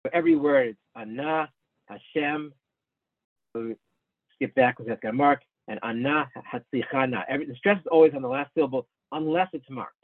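A man's voice: fairly high pitch, big pitch swings, fast talker, gravelly, no echo. Man teaching over a tinny phone-like line. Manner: patient explaining, many restarts, addresses students by name. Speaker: class teacher. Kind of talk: online study class, explaining Hebrew texts. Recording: narrow phone-like sound, dry.

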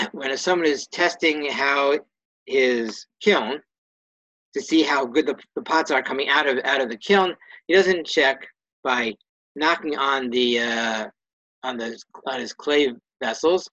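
In this text-study lesson, a man reads Hebrew and Aramaic phrases aloud and gives plain, casual translations, correcting himself as he goes. His mid-range voice is slow and sharp-toned, captured in a dry, lo-fi recording.

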